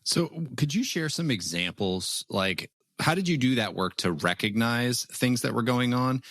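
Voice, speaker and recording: A man's voice: mid-range voice, expressive, unhurried, fairly bright tone, dry recording, clean studio sound. A man hosting a podcast, asking the guest curious follow-up questions. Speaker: podcast host. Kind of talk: interview questions.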